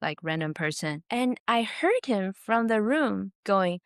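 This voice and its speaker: A woman from the United States, a comedian hosting her own podcast, telling a story in a casual, animated way, swearing freely and acting out what people said. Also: mid-range voice, a little slow, no echo, clean studio sound. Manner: animated, swears freely, acts out quotes in raised voice.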